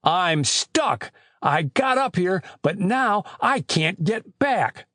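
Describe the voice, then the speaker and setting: A man's voice: a little high, sing-song, unhurried, no room sound, clean studio sound. A man reading a storybook voicing an impatient, plucky teenage boy detective who speaks in a raised, strained voice. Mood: frantic.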